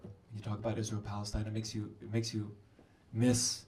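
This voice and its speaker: A man's voice: on the low side, completely flat delivery, brisk, darkish tone. A man in his thirties doing stand-up crowd work on a club stage, brash and profane as he teases the audience. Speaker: stand-up comedian. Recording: noisy live club recording.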